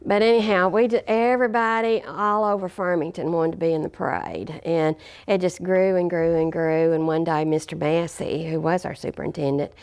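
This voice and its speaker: A woman's voice: on the low side, fairly even intonation, normal speed, few pauses, a little mellow, clean tone. An older woman, a former teacher telling anecdotes in an oral history interview, chatty and laughing often. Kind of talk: anecdotal storytelling.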